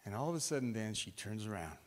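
A man preaching a sermon, retelling scripture in an animated storytelling way as if acting it out. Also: fairly low pitch, fast talker. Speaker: pastor. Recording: reverberant hall.

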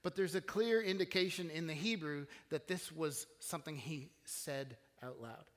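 Pastor, male, somewhat high voice; earnest conversational sermon in a church with long reverb. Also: moderate pace, fairly bright tone. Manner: conversational, earnest, with frequent restarts. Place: church sanctuary.

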